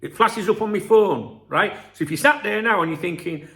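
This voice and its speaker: Telling stories peppered with asides, a middle-aged man from Scarborough in England rambles through a casual vlog full of swearing. He hosts a football channel, and his voice sits high, fairly bright, and a little fast.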